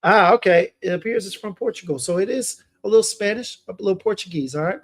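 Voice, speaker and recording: A man's voice: high voice, animated, quick pace. A young man hosting a fragrance livestream, chatting casually and reading viewer comments aloud in a laid-back way.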